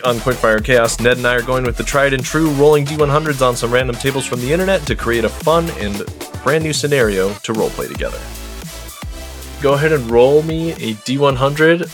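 A man hosting a casual podcast, upbeat and quick to laugh. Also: medium pitch, animated, music in the background. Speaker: podcast host.

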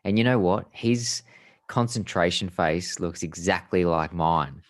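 A man's voice: low voice, unhurried, no room sound. An Australian man co-hosting a motorsport podcast and a racing driver, self-mocking with groaning reactions. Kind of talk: casual chat.

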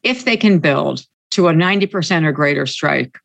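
A woman's voice: low-pitched, animated, normal speed, gravelly, highs cut off. A woman union organizer answering interview questions in an emphatic way, often repeating her key points.

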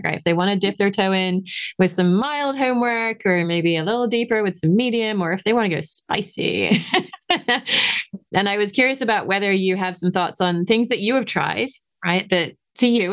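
A woman's voice: mid-range voice, gravelly. A woman, a parenting coach hosting a podcast, asking curious, steering questions in casual conversation. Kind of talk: conversational interview.

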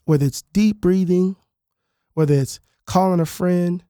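Fields: Sex: man. Role: podcast host and author. Style: casual storytelling monologue. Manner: animated, rambling, full of fillers. Sound: dry, close-mic'd. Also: high voice, unhurried, clear, resonant tone, dry recording. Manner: animated, conversational, many fillers and restarts.

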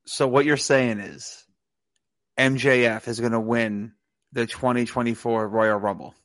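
A man's voice: medium pitch, fairly even intonation, measured pace. A man co-hosting a casual podcast, talking in a loose, rambling way, full of "you know" and restarts. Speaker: podcast co-host. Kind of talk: casual wrestling podcast chat.

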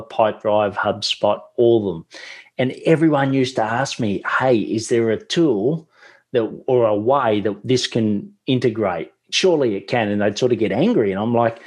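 A man's voice: on the low side, a little mellow. A man with an Australian accent hosting a podcast in a chatty, enthusiastic way. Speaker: podcast host.

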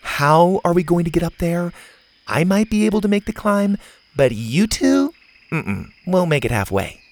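A confident, wry girl camper, put on by a man narrating a storybook, pitched high and lively. She teases her friends in a dry, knowing way. A slight rasp stays in the voice. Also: moderate pace. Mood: teasing. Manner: wry and teasing.

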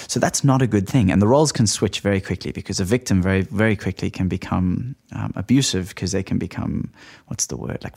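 A man with a lowish, gravelly voice talks through ideas on his own podcast. His delivery is relaxed and reflective, like he is thinking aloud. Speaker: podcast host. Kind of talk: solo podcast talk.

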